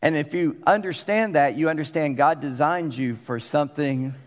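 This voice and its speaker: A man's voice: fairly high pitch, normal speed. A middle-aged man preaching a conversational sermon as pastor, often putting questions to the congregation. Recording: long reverb of a church hall.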